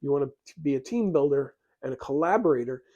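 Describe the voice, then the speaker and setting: A man's voice: mid-range voice, lively intonation, fairly quick, dark tone, muffled recording. A man giving an emphatic, plain-spoken motivational talk on leadership, acting out little bits of dialogue as he goes. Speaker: leadership educator.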